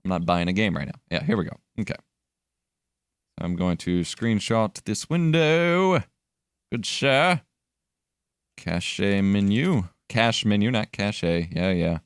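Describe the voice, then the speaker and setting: A man's voice: on the low side, expressive, measured pace, smooth, no room sound. A young man chatting casually while editing on a live stream, thinking aloud and swearing now and then. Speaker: livestreamer editing video.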